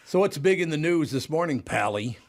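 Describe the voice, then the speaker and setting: A man hosting a casual radio talk show, joking and teasing his guests, his voice a little higher than usual from lingering throat trouble. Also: expressive, a little fast. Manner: joking, teasing, laughs often.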